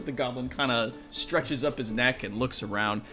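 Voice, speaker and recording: A man's voice: medium pitch, moderate pace, hardly any pauses, pushed and bright, soft background music. A man narrating a tabletop game as game master, laughing often and hesitating with fillers.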